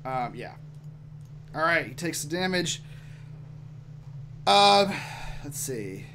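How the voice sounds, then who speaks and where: A man's voice: fairly high pitch, very animated, slow, bright, forceful tone, slight background noise. A man running a tabletop game online as game master, loose and chuckling, with many ums.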